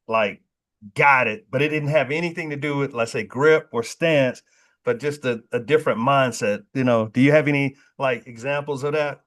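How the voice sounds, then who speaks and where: A man hosting a podcast interview, lively and quick to laugh, often repeating words as he asks questions. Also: mid-range voice. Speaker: podcast host. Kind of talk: casual interview talk.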